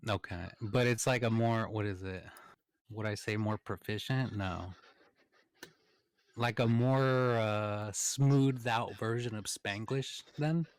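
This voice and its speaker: A man's voice: fairly low pitch, slow, smooth, dry recording. A man co-hosting a casual podcast, hesitating and searching for words with "like". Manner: thoughtful, hesitant, fills in with "like". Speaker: podcast co-host. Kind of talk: casual chat.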